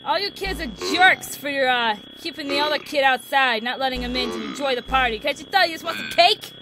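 Excitable high-voiced young woman gamer. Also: a little fast, noisy background. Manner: excitable, shrieks and chatters while playing. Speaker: let's play host. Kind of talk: excitable gameplay commentary. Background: game music.

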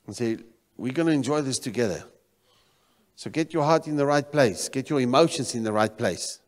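Pastor from South Africa, mid-pitched male voice, preaching with sudden loud rises and hushed drops, long church reverb. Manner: preaching with swings between loud exclamations and quiet emphasis. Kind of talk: sermon. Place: church sanctuary.

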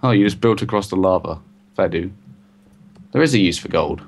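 A man's voice: low-pitched, expressive, a little fast, gravelly. A man chatting while gaming with a friend, teasing him with dry jokes. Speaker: gaming partner. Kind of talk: casual let's-play chat. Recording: faint background noise.

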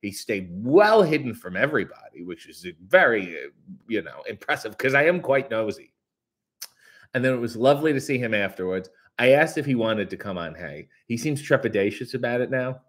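A man hosting a casual live stream, reading viewer comments aloud in a brighter voice and answering with crude, sarcastic, mock-grumpy asides. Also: medium pitch, sing-song, moderate pace. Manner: reads comments in a brighter, louder voice.

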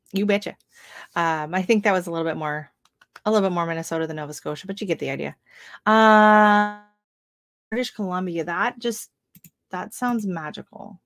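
A woman's voice: medium pitch, vocal fry, no echo, studio quality. Chatty woman hosting a gardening livestream. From Oregon, US West Coast. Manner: chatty, lots of ums and restarts, exclaims often. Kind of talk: casual live-stream chat reading viewer comments.

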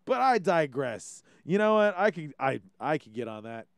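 A man's voice: a little high, big pitch swings, normal speed, no room sound. Young Hawaiian male host, clean voice with a dry close sound, loose and profane. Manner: rambling, ranting, swears freely. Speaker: podcast host. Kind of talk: casual monologue.

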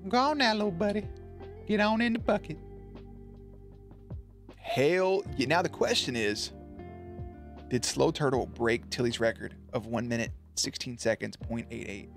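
A young man livestreams marble races, calling the action like a sportscaster in a hyped, playful style and swearing freely. His voice sits at a medium pitch, and he speaks unhurriedly with long pauses while soft music plays in the background.

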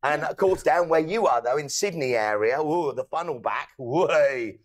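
A man's voice: fairly high pitch, animated, moderate pace. A British man hosting a casual chat, telling stories animatedly, swearing and laughing as he goes. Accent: British English. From England.

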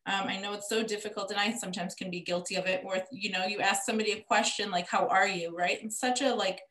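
A woman's voice: mid-range voice, fast talker. Chatty woman host in an echoey room. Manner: chatty, many fillers, gets animated. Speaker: podcast host. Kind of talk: casual podcast chat.

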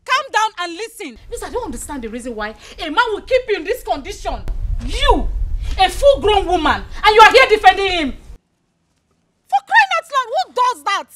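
An indignant young woman with a Nigerian accent, scolding her friend in exasperation. Her voice sits high and swings widely in pitch as she lectures. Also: big pitch swings, fast, few pauses, pushed and bright, full character voice. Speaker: friend confronting another woman. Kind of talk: film drama acting.

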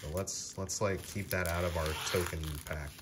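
A man with a lowish voice rambles casually as he opens a box of cards, often stopping to correct himself or fill a pause. The recording is noisy, with crinkling wrappers and clicks behind him. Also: fairly even intonation. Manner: rambling, self-correcting, filler-heavy. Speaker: card-opening vlogger. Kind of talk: casual unboxing vlog. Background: crinkling packaging and clicks.

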